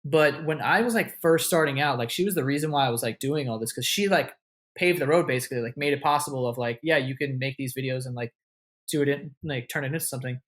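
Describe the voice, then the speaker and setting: Male interview guest, casual and profane, fills every line with "like", mid-pitched. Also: quick pace, a bit bright. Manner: loose and profane, full of "like" and "you know"; acts out what others said with a raised voice. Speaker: interview guest, content creator.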